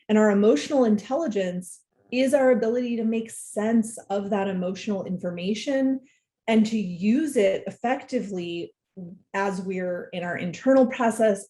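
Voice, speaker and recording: A woman speaks as a guest on an interview show, in a mid-range voice. She explains her ideas clearly and in an orderly way. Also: medium pitch, dark tone. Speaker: guest, leadership expert. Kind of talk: interview answers.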